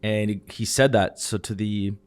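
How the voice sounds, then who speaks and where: A man's voice: lowish voice, moderate pace. A man from Canada hosting a podcast, chatting casually, asking short questions and telling his own story. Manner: relaxed, laughs along, asks short questions. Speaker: podcast host. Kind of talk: casual chat.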